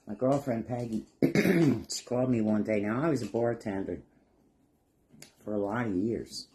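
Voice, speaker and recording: A middle-aged man with a fairly low, dark voice speaks a little slowly and pauses often. He's a craft vlogger, chuckling and spinning rambling, folksy stories while painting a project for his channel.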